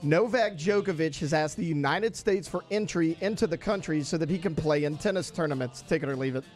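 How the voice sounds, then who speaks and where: Brief: higher-voiced male radio co-host, brisk segment reader, faint music behind. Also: a little mellow. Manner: reads out items as quick prompts, dry and brief. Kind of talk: casual sports talk radio.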